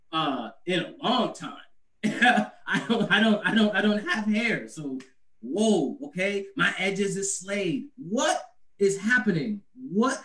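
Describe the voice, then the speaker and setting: A man's voice: high voice, fairly bright tone, distant mic. A man doing a conversational stand-up comedy set about raising kids, laughing at his own jokes. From US Northeast. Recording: echoey room, away from the mic.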